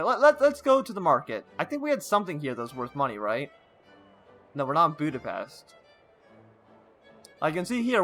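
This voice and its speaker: His voice sits a little high and sounds a bit bright. He's a gaming channel host working through a story game, reading the text out with stumbles and casual asides.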